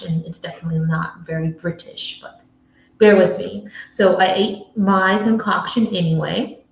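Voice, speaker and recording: A woman's voice: on the low side, fairly even intonation, moderate pace, creaky. Earnest American woman coaching, echoey room. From United States. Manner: earnest, storytelling, with soft hushed asides. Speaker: spiritual coach. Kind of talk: motivational talk to camera.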